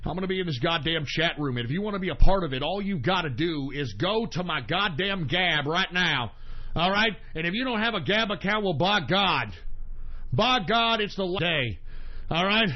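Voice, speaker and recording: A man hosting an internet radio show in a furious, profane rant, cursing constantly and swinging from screamed outbursts to low grumbling while drinking beer. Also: lively intonation, normal speed, highs cut off. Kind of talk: angry profane on-air rant.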